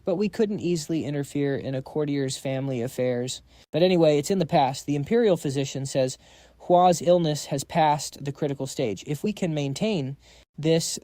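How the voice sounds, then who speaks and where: A man reading out a dubbed historical drama story, voicing every role in an even, read-aloud delivery. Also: a little high, dry recording, studio quality. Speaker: story narrator.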